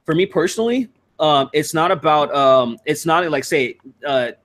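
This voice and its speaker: A man hosting a casual video-call chat, rambling with lots of fillers and restarts, crude and quick to laugh. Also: fairly high pitch, animated, fairly bright tone. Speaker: streamer hosting a patron hangout.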